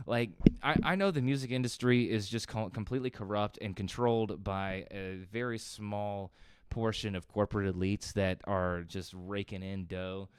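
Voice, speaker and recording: A man's voice: lowish voice, clear, resonant tone. A man hosting a reaction video, ranting in heated, profane commentary that rambles from point to point.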